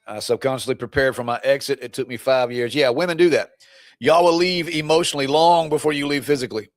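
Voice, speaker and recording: A man's voice: medium pitch, fast talker, no room sound. A man who coaches people through divorce, talking on a live stream in a blunt, preachy, fired-up way and teasing his viewers. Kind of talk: live stream pep talk.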